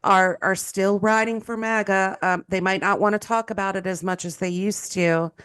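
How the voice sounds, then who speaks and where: A woman's voice: mid-range voice, steady tone, normal speed, fairly bright tone, smooth. A woman co-hosting a casual podcast, talking emphatically and chiming in with agreement. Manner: emphatic, frequent agreeing fillers. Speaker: podcast co-host.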